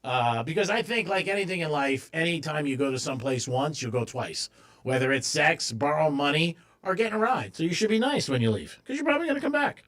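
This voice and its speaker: Bright, lively-voiced male radio host. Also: a little high, a little fast. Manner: joking, blunt, laughs often. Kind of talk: casual radio banter.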